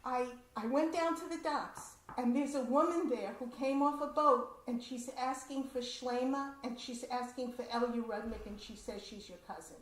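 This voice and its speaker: A woman voicing an excited young girl who talks in an urgent, pleading way. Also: sits high, moderate pace, hardly any pauses, echoey room, voice pushed up, natural voice, low-quality recording. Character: excited little girl on a dockside adventure.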